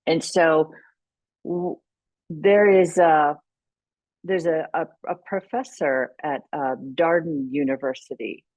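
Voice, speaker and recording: Low-voiced woman explaining thoughtfully. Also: darkish tone, no room sound, muffled recording. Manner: thoughtful, explanatory, with frequent restarts. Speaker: podcast guest, leadership consultant. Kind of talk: conversational interview.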